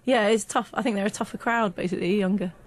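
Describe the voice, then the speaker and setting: Woman, chatty, hedging, comedy writer, relaxed interview. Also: mid-range voice, fast talker. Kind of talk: interview answers.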